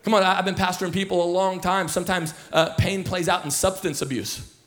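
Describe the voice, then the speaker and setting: Soft background music plays as a senior pastor, somewhere in his thirties, preaches to his congregation in the church auditorium. His high, slightly bright voice moves briskly with little pitch movement, and his storytelling is loose, packed with fillers and restarts.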